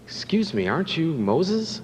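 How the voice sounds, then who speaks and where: A man voicing a pestering, whiny male president in a joke, his pitch pushed up into plaintive questions. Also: sing-song, a little slow, big-room sound.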